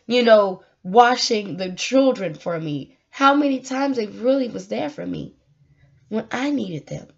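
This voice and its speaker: A vlogger offering life advice, a woman with a fairly high voice and vocal fry, talks to the camera in a casual, emotional monologue. She is earnest and preachy and often breaks into laughs, and the sound is dull and lo-fi.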